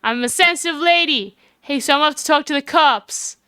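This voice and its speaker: A woman's voice: sits high, moderate pace, pushed and bright, no room sound, studio quality. A woman putting on a brash Southern gal. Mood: folksy. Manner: drawling, homespun sayings. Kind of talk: reading game dialogue aloud.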